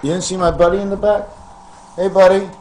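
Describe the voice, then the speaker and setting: Male vlogger, pitch a touch high, free-associating monologue with sudden loud bursts over faint background noise. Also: flat delivery, a little fast. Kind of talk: rambling monologue to camera.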